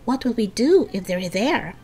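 Woman reading as nervous snappy schoolgirl, lively voice. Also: a little high, moderate pace, a little hiss or hum, lightly acted. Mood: uneasy. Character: nervous sharp-tongued schoolgirl.

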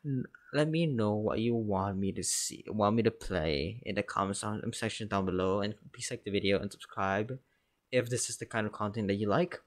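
A man's voice: fairly low pitch, normal speed. A man streaming a horror game, chatting in a rambling, self-deprecating, joking way as he wraps up. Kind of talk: casual livestream chat.

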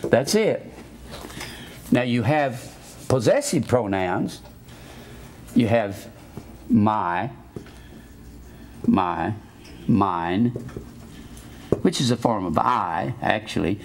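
A man's voice: fairly low pitch, expressive, extremely slow, gravelly, long pauses. An older man preaching a sermon, blunt and scornful, stopping to teach grammar like a schoolteacher. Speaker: pastor.

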